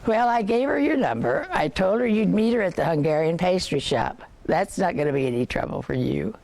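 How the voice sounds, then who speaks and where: A woman's voice: on the low side, animated, brisk, gravelly, a little mellow. An older woman reading a blunt, insistent grown sister in a novel. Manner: firm and matter-of-fact.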